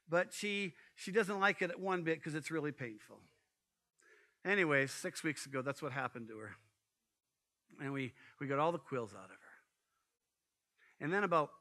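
A man preaching a sermon, telling stories in an animated way, full of asides to the congregation. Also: high voice. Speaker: pastor.

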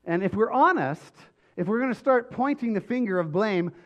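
A man preaching a sermon with emphatic delivery and frequent restarts, his voice slightly hoarse. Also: high voice, lively intonation, moderate pace, fairly bright tone, highs cut off. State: voice going hoarse. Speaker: pastor.

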